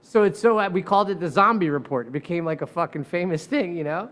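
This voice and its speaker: High-voiced man telling a profane story. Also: fast. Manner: animated, profane, acts out quoted voices. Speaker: defense lawyer telling a courtroom story. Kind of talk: casual podcast storytelling.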